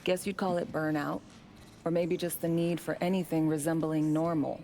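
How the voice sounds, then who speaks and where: A burnt-out female corporate operative in a video game, longing for a normal life. Her voice sits fairly low, tired and candid. She speaks in a subdued, frank way. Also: little pitch movement, moderate pace, dark tone. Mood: weary.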